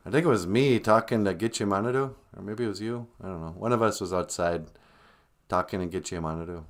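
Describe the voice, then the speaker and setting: A man hosting a casual livestream who tells jokey stories and acts out quotes. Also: on the low side. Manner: joking storyteller, acts out voices. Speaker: livestream host.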